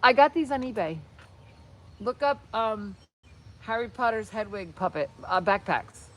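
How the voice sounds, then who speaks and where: A woman hosting a casual livestream on her phone while crafting, rambling and excitable, often breaking off mid-sentence. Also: mid-range voice, measured pace, rough recording. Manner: rambling, excitable, self-interrupting. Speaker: channel host.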